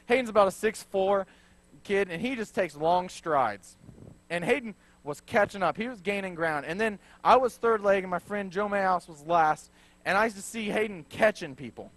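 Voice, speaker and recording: A young man in his twenties gives a sermon in a church. He tells it as a joking personal story and often drops into low, wry asides. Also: moderate pace, a bit bright, no room sound. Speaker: preacher.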